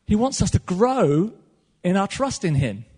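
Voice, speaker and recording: Man, preacher, sermon, husky, long hall reverb. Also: sits high, a little slow. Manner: animated preaching, swinging from loud to soft.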